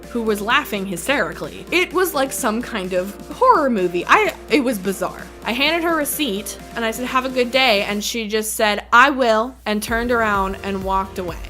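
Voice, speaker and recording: Young woman, vlogger, casual storytelling, animated, laughs often, bright tone. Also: medium pitch, normal speed, hardly any pauses, soft background music. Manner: animated, with frequent laughs and filler "like".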